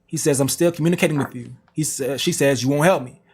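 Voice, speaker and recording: A man's voice: on the high side, quick pace, darkish tone, slightly rough. A man reading text messages aloud on a reaction stream, with slangy asides. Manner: plain reading broken by slang asides and laughs.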